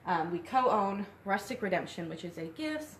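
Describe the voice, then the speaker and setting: A woman's voice: medium pitch, very animated, moderate pace. Breathless, chatty young woman. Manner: chatty, rambling with many fillers. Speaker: co-host and shop co-owner. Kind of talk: casual live-stream chat. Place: inside a small shop. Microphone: phone on a tripod. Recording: echoey room with faint noise.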